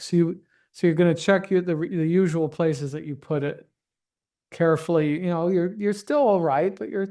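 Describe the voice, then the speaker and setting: A man's voice: on the high side, moderate pace, warm tone. A man teaching a group about stories and the nervous system, walking them through an imagined scene in a conversational way, with many restarts and acted-out inner thoughts. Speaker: therapist teaching trauma recovery. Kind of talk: guided storytelling and teaching.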